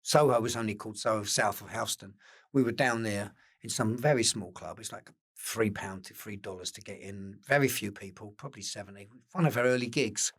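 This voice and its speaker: An older man with an Essex accent, telling lively anecdotes as an interview guest and acting out the quotes. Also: lowish voice, a little fast, slightly rough. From England. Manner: animated anecdotes with acted-out quotes, occasional swearing. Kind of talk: casual storytelling interview.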